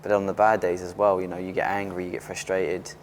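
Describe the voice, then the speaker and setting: A man's voice: low-pitched, quick pace, slight background noise. A man in his twenties, an athlete guest in a casual interview, talking openly with frequent restarts. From Britain. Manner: open and animated, restarts often.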